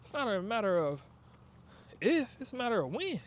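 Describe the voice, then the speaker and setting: Emphatic, high-voiced motivational man outdoors. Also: very animated, moderate pace, a little hiss or hum. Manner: emphatic, preachy street talk with slang and acted-out asides. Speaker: vlogger giving a motivational talk. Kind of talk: casual motivational monologue on a walk. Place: outdoors on a walk.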